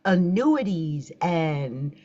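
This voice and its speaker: Speaking extremely slowly in a deep, mellow voice full of big pitch swings, a woman runs a casual astrology livestream. She chats with her audience directly and grows flustered over tech trouble, and the audio is dull and lo-fi.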